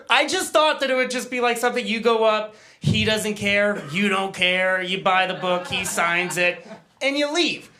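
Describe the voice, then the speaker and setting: A man's voice: sits high, a little slow, sharp tone, a little hiss or hum. A man doing a live stand-up set, telling a self-deprecating story with stammers and acted-out quotes. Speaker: stand-up comedian. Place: live comedy stage before an audience.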